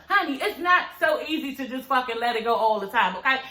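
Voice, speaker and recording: A woman recapping a reality TV show in a sassy, profane, animated way, talking straight to her viewers. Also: sits high, fast, hardly any pauses, echoey room. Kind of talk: casual, profane recap chat.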